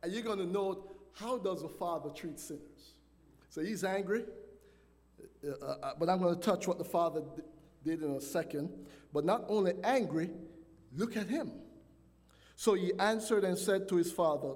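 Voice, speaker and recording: A man's voice: high-pitched, moderate pace, a little mellow. A man preaching a sermon as pastor, asking the congregation questions and calling for responses. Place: church sanctuary. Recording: long church hall reverb.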